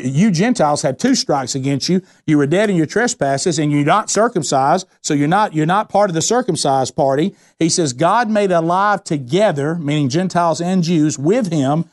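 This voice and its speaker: A man's voice: on the high side, a little mellow. A man preaching a sermon, folksy and conversational, asking the congregation to answer back. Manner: preaching with call-and-response questions to the congregation; folksy, says y'all, tells anecdotes. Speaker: pastor.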